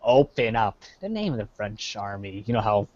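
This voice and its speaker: Co-hosting a laid-back live-streamed podcast chat, this man from the Chicago area rambles and trails off into lots of "uh" fillers. His fairly low voice is sing-song, fairly quick, and a little mellow, with no echo, and the stream audio is dull and lo-fi.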